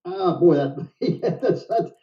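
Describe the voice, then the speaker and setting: An older man calling a game live, chatty and full of quips, with a slightly high voice. He sounds set back from the mic, and the audio is dull and muffled. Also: expressive, dark tone, distant mic. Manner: chatty, jokey, quick to laugh. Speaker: backgammon commentator.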